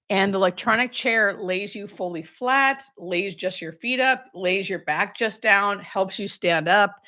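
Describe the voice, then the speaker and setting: Woman, thirties, livestream host, casual Q&A, bright voice, friendly chatter, greets viewers by name. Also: medium pitch. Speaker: hospice nurse and livestream host. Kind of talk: casual live Q&A chat.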